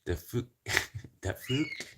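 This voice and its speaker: A man's voice: extremely slow, a bit bright, a little hiss or hum. A man from the Canadian prairies chatting casually in a rambling, joking way, swearing constantly. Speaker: vlogger.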